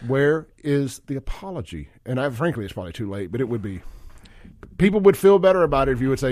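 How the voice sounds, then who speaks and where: A man's voice: mid-range voice, fast, no echo, studio quality. Blunt radio host man. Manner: blunt, animated storyteller. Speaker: radio talk show host. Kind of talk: casual radio talk. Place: radio studio.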